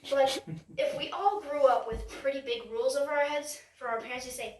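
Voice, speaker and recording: A young woman doing a chatty, self-mocking stand-up comedy set, acting out quick voices. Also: high-pitched, darkish tone, reverberant, far from the mic, low-quality recording. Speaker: stand-up comic. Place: stage before a live audience.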